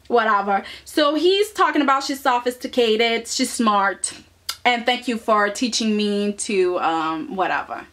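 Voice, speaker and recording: A woman's voice: a little high, lively intonation, a little slow, a bit bright. A woman casually recapping a soap opera episode, sassy and chatty, often tagging her points with "okay?".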